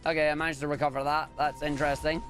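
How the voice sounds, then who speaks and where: A Scottish man streaming a speedrun, talking casually with jokes and sudden excited exclamations. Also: fairly high pitch, very fast. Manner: excitable, jokey, bursts into loud exclamations. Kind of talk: casual live-stream commentary. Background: game music.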